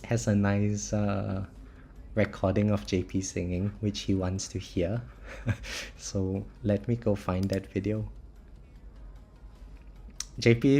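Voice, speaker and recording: A young man from Singapore with a mild Singaporean English accent, chatting loosely with viewers on a live stream, restarting words and laughing softly. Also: on the low side, vocal fry, a little hiss or hum. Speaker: live-streamer of a mobile tower-defense game. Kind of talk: casual live-stream chat, answering viewers.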